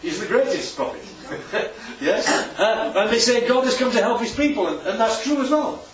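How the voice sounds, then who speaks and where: In a church hall, a man gives an informal slide-based talk to his congregation, frequently tossing in "right?" and "isn't that lovely?". His pitch is extremely high and his delivery expressive at a normal speed. The audio sounds roomy, distant and dull, carrying a little hiss or hum.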